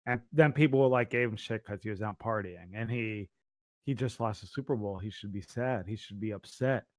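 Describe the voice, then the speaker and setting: A man's voice: on the low side, fairly quick, no room sound, studio quality. Blunt, teasing man in casual podcast chat. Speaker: podcast co-host.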